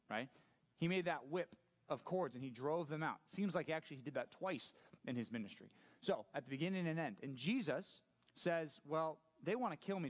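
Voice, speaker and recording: A man preaching as a youth pastor in a casual, conversational way, often asking the listeners questions. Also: mid-range voice. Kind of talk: sermon to a youth audience.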